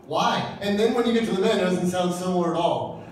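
A fast-talking man in his fifties whose voice sits high gives a jokey sermon as a pastor, acting out bits of dialogue in various voices. The recording has a slight hiss or hum and comes from far away in a very echoey church hall.

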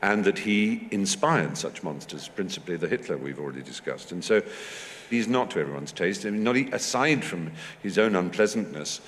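An English man in his fifties telling anecdotes at a festival talk, lively and animated, slipping into high voices to act out what people said. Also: moderate pace. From England. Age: 50s. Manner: animated storyteller, acting out quotes with high squeaky voices. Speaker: guest speaker. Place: large festival hall. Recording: echoey hall recording.

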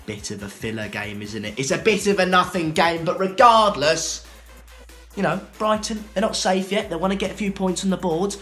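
Joking football presenter. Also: male voice, sits high, lively intonation, moderate pace, sharp tone, faint music behind. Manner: joking, rambling. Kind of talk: casual self-recorded prediction.

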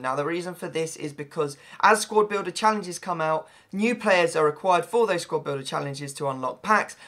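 Man, hoarse and gravelly, bright fairly high voice, excitable rambling game commentary. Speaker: gaming YouTuber. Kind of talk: gameplay commentary.

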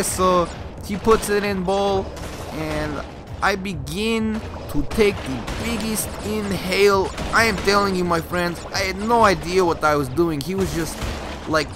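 A man's voice: sits high, a little slow, music in the background. A man vlogger telling a comic, profane story to camera, acting out the other people's lines. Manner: animated, profane, acts out quotes.

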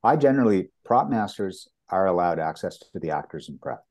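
Deep-voiced man telling stories. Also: fairly quick. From Canada. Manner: animated storyteller, acts out quoted dialogue. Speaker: property master, guest. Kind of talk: anecdotal storytelling in an interview.

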